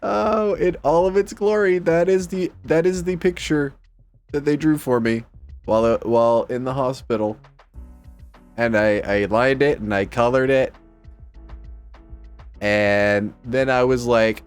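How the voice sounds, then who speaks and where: A man chatting casually on a home live stream, rambling and excitable as he jumps from topic to topic. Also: mid-range voice, measured pace, soft background music. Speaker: VTuber streamer.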